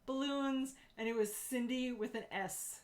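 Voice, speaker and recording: A woman co-hosting a beer and comics stream, casual and giggly, laughing often and breaking into playful shouts. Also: fairly high pitch, fairly even intonation, unhurried. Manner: playful, loud bursts of shouting. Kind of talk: casual chat.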